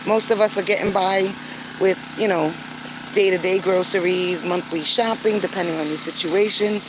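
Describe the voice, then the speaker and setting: A woman's voice: on the low side, fairly even intonation, normal speed, background noise. An older woman vlogging casually to camera, chatty and earnest, with frequent filler words. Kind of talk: casual vlog talk to camera.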